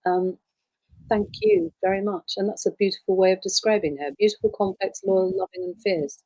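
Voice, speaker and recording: A middle-aged woman who grew up in Wales, chatting warmly on a livestream as she signs prints for fans, with plenty of ums and soft asides. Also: mid-range voice, very animated, moderate pace, creaky, no room sound, poor audio. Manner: warm, gushing, with many ums and soft trailing asides. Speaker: voice actress signing prints for fans. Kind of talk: casual livestream chat.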